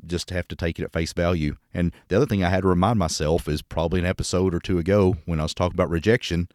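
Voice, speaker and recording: A man's voice: low voice, fairly even intonation, racing, a little mellow. A man co-hosting a podcast, telling stories in a candid, joking way with crude humor and a Texan accent. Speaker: podcast co-host. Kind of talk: casual conversation.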